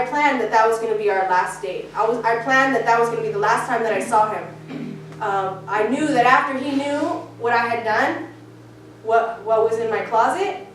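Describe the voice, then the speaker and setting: A woman's voice: fairly high pitch, a little hiss or hum. A woman giving an earnest, emotional personal testimony at church, telling her story with feeling and acting out what people said. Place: church sanctuary. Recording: echoey church hall, speaker far from mic.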